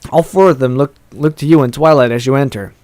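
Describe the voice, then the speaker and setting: A man's voice: medium pitch, quick pace, a little mellow, dry recording. A young man hosting a let's play, reading a text game aloud into a close mic, often tripping over words and laughing at himself. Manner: stumbling, self-deprecating.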